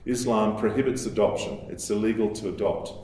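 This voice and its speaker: A man giving a lecture in a measured, explanatory way, with fillers and restarts as he thinks aloud. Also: on the low side, a little mellow. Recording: echoey hall, voice from a distance.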